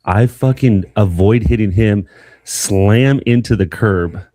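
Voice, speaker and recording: Lowish-voiced young man telling a rambling story. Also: takes it slowly, no room sound. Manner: rambling, animated storytelling with quoted outbursts. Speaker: podcast co-host. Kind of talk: casual storytelling chat.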